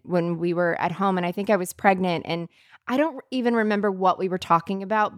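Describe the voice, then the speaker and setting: A woman co-hosting a podcast, telling a personal story in an earnest, halting way with restarts. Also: mid-range voice, no echo, clean studio sound. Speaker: podcast co-host.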